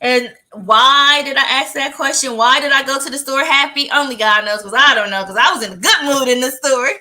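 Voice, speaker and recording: A woman with a high, bright voice tells a story. She is animated, laughs often and acts out the lines of the people in her story. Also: brisk. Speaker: podcast co-host. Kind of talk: casual chat, storytelling.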